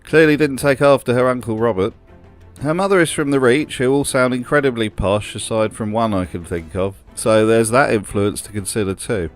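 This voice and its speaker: Guy doing dry sarcastic commentary, mid pitch, faint music behind. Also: normal speed. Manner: dry, sardonic. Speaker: host. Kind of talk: comedic commentary.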